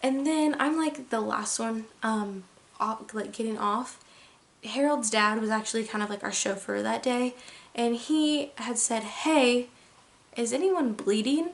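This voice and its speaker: A young adult woman vlogger telling a story in a chatty, animated way, full of "like" and dramatic emphasis. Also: a little high, measured pace, gravelly. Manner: chatty, heavy use of "like". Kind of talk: casual storytime.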